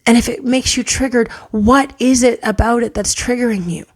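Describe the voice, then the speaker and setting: A woman giving an earnest spiritual tarot reading, a parent who often drops into soft whispers for emphasis. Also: a little high, steady tone, moderate pace. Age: adult, parent of a child. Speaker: tarot reader. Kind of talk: spiritual pick-a-card reading.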